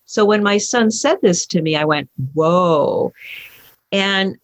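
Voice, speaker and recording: A woman's voice: medium pitch, normal speed, no room sound. A woman guest telling a personal story in conversation, expressively acting out the things people said. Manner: expressive, acts out quotes, laughs. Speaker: guest speaker.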